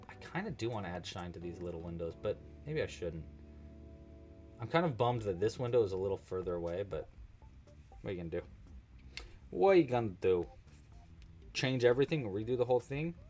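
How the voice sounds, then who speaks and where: Casual male livestream host, joking and thinking out loud, very animated melody. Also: on the low side, quick pace, faint music behind. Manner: chatty, joking, thinks aloud while working. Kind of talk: casual live crochet-along chat.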